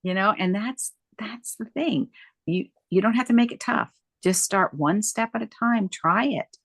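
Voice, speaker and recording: A middle-aged woman, a guest on an interview, telling her story in a lively, emphatic way and repeating phrases for effect. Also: medium pitch, normal speed, no echo. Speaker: guest, dementia care coach.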